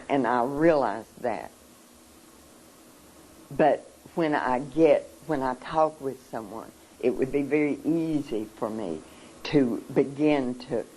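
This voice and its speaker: An adult giving an emotional talk at a seminar, speaking earnestly in a halting way, with many pauses and repeated words. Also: medium pitch, dark tone, slight background noise, poor audio.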